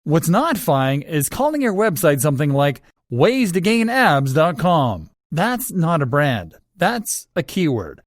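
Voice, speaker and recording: A man reading scripted instructional narration for a course, in a steady, instructive manner that leans on key points. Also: fairly high pitch, measured pace, hardly any pauses, no echo.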